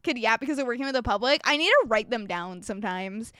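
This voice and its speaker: A woman's voice: on the high side, fast, clean tone, dry recording, clean studio sound. A young adult woman streaming live, telling stories with plenty of swearing and reading out her chat. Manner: animated, swearing, ranting storyteller; reads and answers chat messages.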